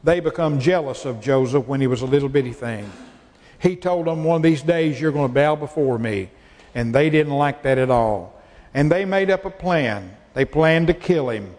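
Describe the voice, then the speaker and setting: A man's voice: mid-range voice, animated, normal speed, a little mellow, big-room sound. A male pastor preaching a sermon in a folksy way, repeating phrases for emphasis.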